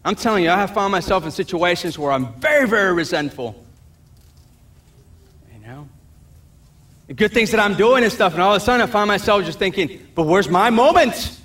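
Male pastor, high voice, animated sermon delivery with acted-out character voices and quiet asides. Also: brisk, pauses often. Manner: animated preaching, acting out voices of people in the story; drops to a low, quiet voice for asides.

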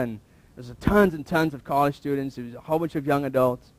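A man in his thirties, a pastor, giving a relaxed conversational sermon, telling a personal story with fillers and restarts and posing rhetorical questions to the congregation. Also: medium pitch, fast, dry recording. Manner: self-deprecating, asks listeners rhetorical questions.

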